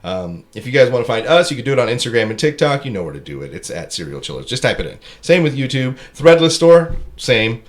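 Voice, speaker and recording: Podcast host, male, mid-pitched voice, loose and jokey, laughs between lines. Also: sing-song, quick pace, hardly any pauses. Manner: joking, laughs often, rambling asides. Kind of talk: casual comedic podcast chat.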